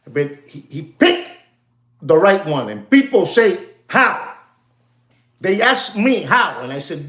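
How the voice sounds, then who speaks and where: A man hosting a live stream, rambling in a teasing, lecturing way, packed with "you know" fillers. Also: high voice. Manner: animated, excitable, constant "you know" fillers. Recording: roomy, echoey room sound.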